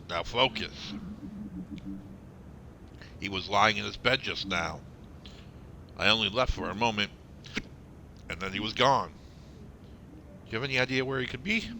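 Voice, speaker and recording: A man's voice: lowish voice, lively intonation, measured pace, gravelly, pauses often, bright, forceful tone, slight background noise. A man streaming a game, reading all its dialogue aloud in his own voice, stumbling over words now and then, with the hiccups. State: has the hiccups.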